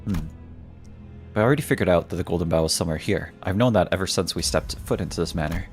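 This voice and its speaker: A man's voice: deep voice, fast talker, faint music behind. A man streaming a game, casually joking with chat and reading the game's dialogue aloud, now and then in a mock British voice.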